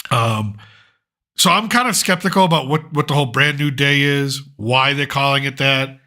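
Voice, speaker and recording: A man's voice: mid-range voice, moderate pace, pushed and bright. A middle-aged man hosting a pop culture commentary show, ranting sarcastically and swearing freely. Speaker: host.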